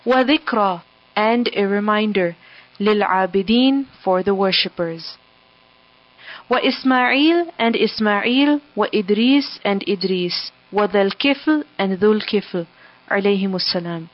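A woman reciting scripture word by word, giving an English gloss after each phrase in a measured, halting delivery. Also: medium pitch, no room sound. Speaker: scripture reader and translator. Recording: dull, dry lo-fi recording.

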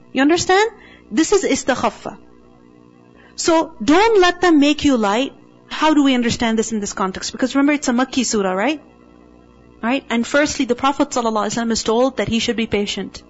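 A woman's voice: high-pitched, expressive, brisk, dull audio, soft background music. A woman teaching the meaning of a Quranic word to a class, speaking emphatically and checking in with rhetorical questions.

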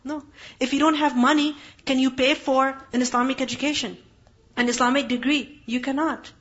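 A woman's voice: high-pitched, fairly even intonation, a little fast. Woman teaching a Quran lesson. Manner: explains Arabic terms, asks rhetorical questions, acts out examples. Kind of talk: religious lesson. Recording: dull lo-fi recording.

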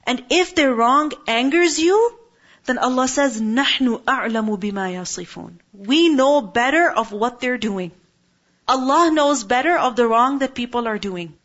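A woman in her thirties teaching an Islamic class in a calm, conversational way, often checking in with her listeners. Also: a little high, fairly quick. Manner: calm, conversational, many tag questions. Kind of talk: religious class talk. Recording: dull lo-fi recording.

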